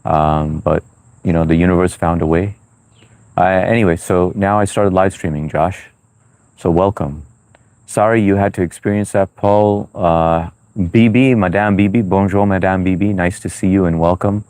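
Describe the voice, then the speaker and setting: A man's voice: low-pitched, steady tone, normal speed, a little mellow, no room sound. A man hosting a livestream in a loose, chatty way, reading viewer comments aloud with lots of "uh" and "you know". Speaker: livestream host.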